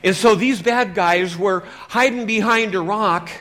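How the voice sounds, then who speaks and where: A male preacher telling a Bible story in a lively, interactive way, asking his listeners questions as he goes. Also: high-pitched, a little slow. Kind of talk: storytelling sermon.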